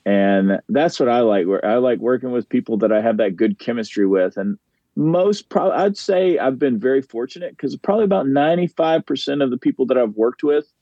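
A man's voice: fairly low pitch, warm tone, no room sound, highs cut off. A man, a professional wrestler, chatting as a podcast guest, rambling with easy laughs and dropping names of fellow wrestlers. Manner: rambling, laughs easily, name-drops peers. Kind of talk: casual podcast chat.

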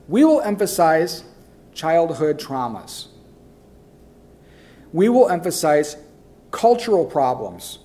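A male pastor with a fairly high voice preaches emphatically, repeating key phrases to hammer his points home. He sinks into quiet, low asides and then climbs into loud calls.

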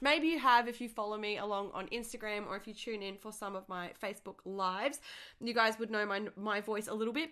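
Young Australian woman, podcast host, nasal and congested from flu, bright upbeat chatter, a bit high. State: congested, stuffy-nosed from flu. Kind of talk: solo podcast chat.

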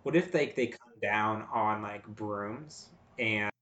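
A man co-hosting a podcast, pitching ideas haltingly with many fillers and laughs in casual chat. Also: fairly bright tone. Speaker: podcast co-host. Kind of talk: casual comedic brainstorming chat.

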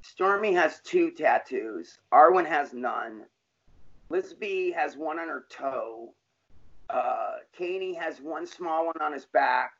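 A man's voice: a little high, animated, slow pace, fairly bright tone. Blunt, profane middle-aged man, lo-fi. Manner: blunt, profane street talk. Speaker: interviewee. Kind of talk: candid personal storytelling. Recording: dull lo-fi recording.

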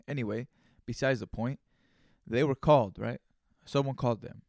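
A man's voice: medium pitch, normal speed, vocal fry, a little mellow, dry recording, clean studio sound. A man hosting his own podcast, telling a rambling, profane story in casual, conversational speech. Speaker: podcast host. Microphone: studio microphone.

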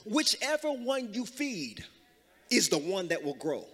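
High-voiced pastor. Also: male voice, very animated, unhurried, breathy edge. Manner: preaching that builds into singing and shouting hymns. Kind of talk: sermon. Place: church sanctuary. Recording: reverberant church with music.

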